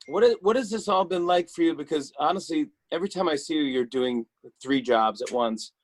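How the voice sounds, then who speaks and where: A man's voice: fairly high pitch, brisk, dry recording. A man hosting a talk show interview, gushing with enthusiasm and often restarting his sentences.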